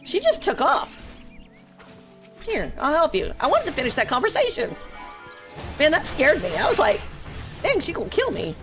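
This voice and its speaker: A young woman chats through a game stream, quick to get excited and to giggle. Her voice sits on the higher side. Soft game music hums faintly behind her. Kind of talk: casual live-stream chat.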